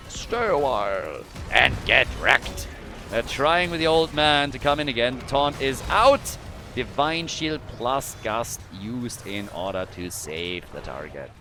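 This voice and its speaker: Animated male esports caster. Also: mid-range voice, a little hiss or hum. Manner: animated, quick reactions with casual fillers. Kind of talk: live play-by-play commentary.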